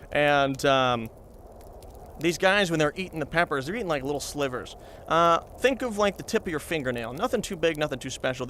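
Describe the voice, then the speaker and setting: A high-pitched man spins a long comic anecdote in character as a reporter. He meanders and chats straight to his viewers, full of asides and fillers. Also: a bit bright, a little hiss or hum. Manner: chatty, meandering, addresses viewers. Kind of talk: comedic rambling anecdote.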